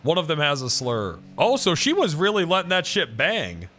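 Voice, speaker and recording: A man's voice: fairly high pitch, huge pitch swings, moderate pace, a bit bright, a little hiss or hum. A man chatting casually with his livestream viewers. He swears freely, laughs often and works himself up into mock outrage.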